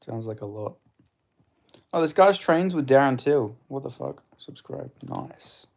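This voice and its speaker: This Perth streamer commentates a live fight casually, cursing freely and chatting with viewers in his Australian accent. He sounds mid-range and a little mellow, with lively intonation, an unhurried pace and a creaky edge.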